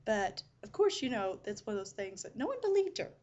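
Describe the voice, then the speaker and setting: A woman's voice: mid-range voice, big pitch swings, fairly quick, a little mellow, lo-fi sound. A woman casually telling a personal story, chatty and full of "you know" asides.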